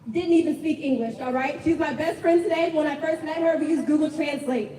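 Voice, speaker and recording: A woman with a high voice gives an impassioned speech at an outdoor rally. She sounds nervous but pushes on forcefully. The recording is echoey and distant, with a crowd and street noise all around. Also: fairly quick. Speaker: protest speaker.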